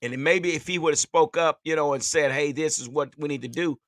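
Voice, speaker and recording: A man's voice: a little high, fairly quick, a bit bright, no echo. A man hosting a sports podcast in casual chat, steering the talk and asking the others for final thoughts. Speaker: podcast host.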